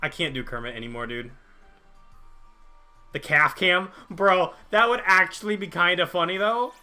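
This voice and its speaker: Young guy streaming, joking w chat, kinda bright highish voice. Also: normal speed, soft background music. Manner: joking, rambling, reads chat aloud. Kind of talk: casual chat with stream viewers.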